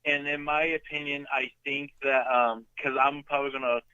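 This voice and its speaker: A man's voice: mid-range voice, level tone, moderate pace, bright, forceful tone, clean tone, dry recording, dull audio. A man calling in to a talk show, chatting casually and hesitating with many ums. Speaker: caller. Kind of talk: casual chat on a call-in show.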